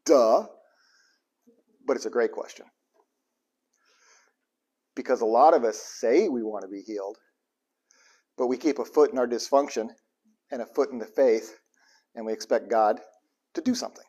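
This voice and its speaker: A male pastor delivering a casual, irreverent sermon with plenty of humor. His voice sits in an ordinary middle range. He swings from loud, emphatic bursts to quiet, low, serious moments. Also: moderate pace, long pauses. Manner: casual, joking, irreverent preaching.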